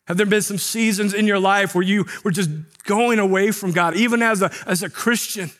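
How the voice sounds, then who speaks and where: A man's voice: high voice, fairly even intonation, normal speed, fairly bright tone. A middle-aged man, a pastor, preaching a sermon in a conversational way, asking rhetorical questions.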